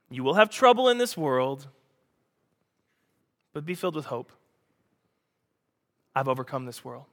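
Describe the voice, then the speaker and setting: A male pastor preaching a sermon, animated and joking, acting out the scripture he reads. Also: medium pitch, a little slow, long pauses, long reverb tail.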